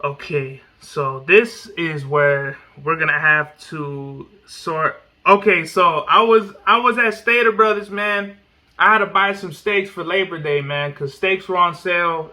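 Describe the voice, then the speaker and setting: Brief: a man podcast host, higher-pitched and very bright, loose and profane, rambling slang-heavy storytelling. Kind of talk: casual chat.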